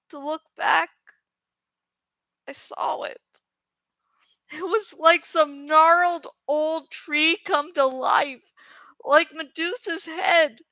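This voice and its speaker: A woman's voice: high voice, bright, forceful tone, no room sound, rough recording. A woman reading a novel aloud with dramatic, emphatic narration. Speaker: audiobook reader.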